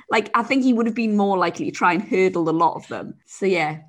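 A woman's voice: mid-range voice, animated, fairly quick, few pauses. A woman chatting casually, telling stories with laughter, acting out voices and swearing. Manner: laughing storyteller, acts out quoted voices, swears. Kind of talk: casual chat.

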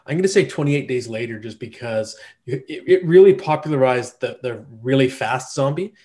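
A man's voice: medium pitch, expressive, normal speed, warm tone. A man hosting a podcast in casual chat, firing light quiz questions at his co-hosts. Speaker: podcast host.

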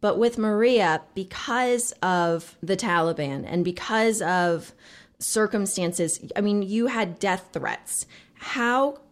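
A woman hosting an interview, asking her guest thoughtful questions in a measured way. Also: mid-range voice. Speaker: podcast host.

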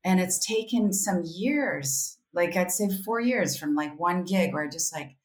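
Her voice lowish and her pace a little slow, a woman talks candidly and reflectively as a guest in a casual podcast interview, animatedly quoting her own self-talk. The recording carries a roomy echo with a little hiss or hum.

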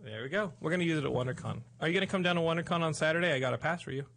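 A man hosting a podcast in casual chat, rambling and excitable. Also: fairly high pitch, racing, gravelly, slight background noise. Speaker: podcast host.

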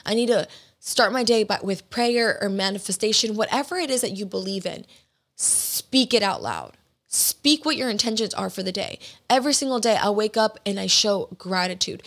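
A woman's voice: medium pitch, lively intonation, normal speed, a bit bright. A young adult woman hosting her own podcast, giving a casual motivational monologue in a candid, emphatic way and swearing freely. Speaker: podcast host.

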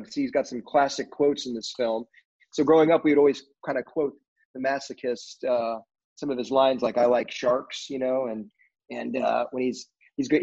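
A middle-aged man spins a casual, meandering story, pausing often on fillers and restarts. His voice sits at an ordinary pitch for a man. The recording is a bit dull and lo-fi. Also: darkish tone. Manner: rambling, heavy on fillers like "you know". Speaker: film crew guest.

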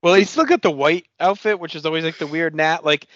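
A man with a bright, forceful voice pitched a little high, co-hosting a podcast in loose, easygoing chat. He recaps scenes in a relaxed way and fills his talk with "like" and "um." The sound is dry and a bit dull and lo-fi. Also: brisk, dry recording. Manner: relaxed, filler-heavy storytelling. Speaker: podcast co-host. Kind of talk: casual chat recapping a TV episode.

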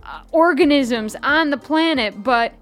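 A woman's voice: sits high, expressive, measured pace. Playful woman player, faint music behind. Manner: playful, enthusiastic, joking. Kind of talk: playing a tabletop game.

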